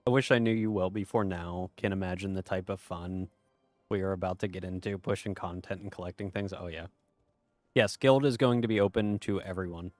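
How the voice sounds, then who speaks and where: A man's voice: low voice, fairly even intonation, a little fast, a little mellow, no room sound, faint music behind. A man streaming a game, chatting casually and reading chat aloud in a laid-back, profane way.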